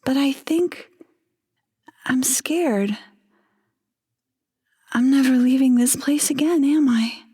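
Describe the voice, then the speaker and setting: Brief: woman doing a wistful, forgetful young captive wife in an audio story; higher, breathy, hesitant. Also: animated, a little slow, a little mellow, big-room sound, heavily acted. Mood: frightened. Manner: hesitant, dreamy.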